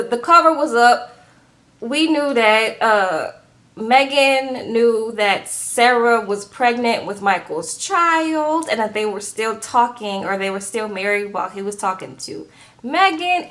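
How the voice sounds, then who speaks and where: A woman recapping a reality TV show in casual chat, animated and acting out the people, often tagging her lines with "okay?". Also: fairly high pitch.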